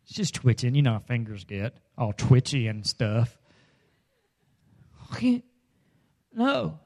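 A middle-aged man delivers a comedic sermon with a light, jokey touch. He acts out little voices and scenes, then suddenly bursts into loud lines before settling back into plain storytelling. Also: mid-range voice, wildly swooping pitch, slow. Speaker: preacher.

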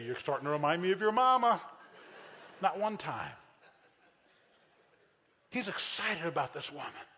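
Animated preacher in a reverberant hall. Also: male voice, medium pitch, dull audio. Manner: animated storytelling with shouted exclamations; drops to a soft, intimate tone for appeals. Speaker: pastor. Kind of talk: sermon.

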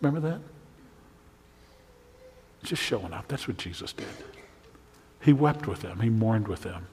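Animated preaching man, reverberant hall. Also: on the low side, moderate pace, a little hiss or hum. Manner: animated preaching, swinging from hushed to loud exclamations. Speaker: pastor. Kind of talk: sermon. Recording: long reverb of a large hall.

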